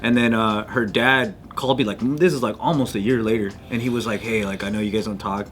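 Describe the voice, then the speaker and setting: A man's voice: fairly low pitch, steady tone, fast, fairly bright tone, a little hiss or hum. A man co-hosting a podcast in casual group chat, blunt and direct when giving advice. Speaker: podcast co-host.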